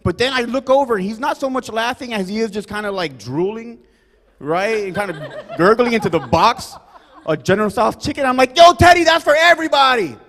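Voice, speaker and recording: A man performing a rambling, loud stand-up set, forever adding "you guys" and "right?". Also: sits high, animated, a little fast, big-room sound. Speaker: stand-up comedian. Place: comedy club stage.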